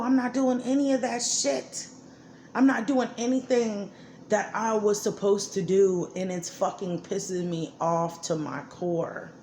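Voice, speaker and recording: A woman's voice: fairly low pitch, a little mellow. A woman ranting angrily and profanely about her life and her children's father. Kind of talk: angry personal monologue. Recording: echoey room with faint background noise.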